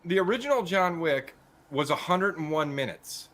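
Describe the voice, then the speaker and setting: A man co-hosting a casual movie podcast, riffing with friends in an animated, swearing way. His voice is bright and sits a little high. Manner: animated, swearing, quick banter. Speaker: podcast co-host.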